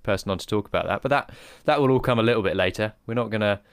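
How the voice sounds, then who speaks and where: An easygoing man co-hosting a podcast, rambling loosely and laughing often. His voice is low and smooth, recorded close and dry with no room around it. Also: racing, no echo. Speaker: podcast co-host. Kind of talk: casual podcast chat.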